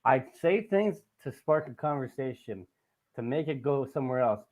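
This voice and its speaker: A man's voice: mid-range voice, animated, moderate pace, darkish tone. A man hosting a casual podcast, telling a rambling, profane story with lots of asides. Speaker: podcast host.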